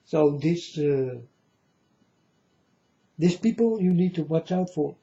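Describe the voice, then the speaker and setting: A man's voice: fairly high pitch, animated, slow, dark tone, muffled recording. Earnest man warning his folks. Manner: repetitive, earnest, addresses listeners as folks. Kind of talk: rambling spoken warning to viewers.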